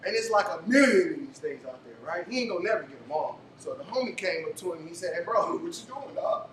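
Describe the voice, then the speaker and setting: A man hosts a live event, firing call-and-response at the crowd and drifting into loose, preachy stories in a high voice. The sound is roomy and distant, with faint noise behind it. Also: expressive, fast talker, a bit bright. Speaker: event host. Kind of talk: motivational talk to a live audience. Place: event venue before a crowd. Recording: echoey room from far off, faint noise.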